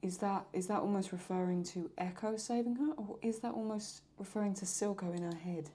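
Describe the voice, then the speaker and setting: A young woman chatting excitedly and mocking herself while she reacts to videos as host of her channel. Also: medium pitch, fairly quick. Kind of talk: casual reaction commentary.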